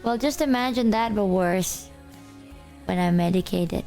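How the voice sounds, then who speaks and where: A woman's voice: medium pitch, measured pace, mellow, faint music behind. A woman streaming, chatting casually in a breezy, matter-of-fact way with frequent giggles. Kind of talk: casual chat.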